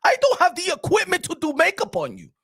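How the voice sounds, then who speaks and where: A brash, indignant makeup artist, put on by a man, shouting in broken English. His voice sits high and swings up and down. He rants with no filter. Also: huge pitch swings, fast, creaky, full character voice.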